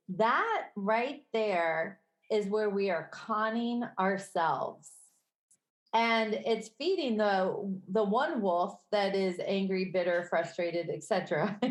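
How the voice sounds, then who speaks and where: A woman with a Midwestern accent co-hosting a podcast in casual chat, conversational and quick to laugh. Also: mid-range voice. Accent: Midwestern American. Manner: conversational, laughs easily, self-correcting. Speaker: podcast co-host. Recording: roomy echo.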